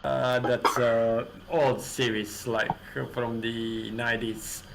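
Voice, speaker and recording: A man joining a casual livestream chat, explaining in a halting, hesitant way. He speaks slowly and very flatly, with a faint hiss underneath. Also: medium pitch, creaky. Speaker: livestream participant.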